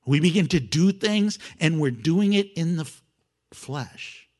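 Male pastor, high-pitched, animated delivery that drops to hushed asides, playful acted-out voices. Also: unhurried. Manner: animated, swings from loud emphasis to hushed intimacy; acts out prayers and voices with humor. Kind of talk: sermon.

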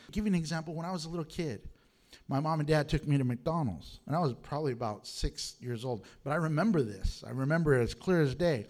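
A man preaching a sermon as pastor, animated and humorous, reading scripture and telling stories. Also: a little high, quick pace.

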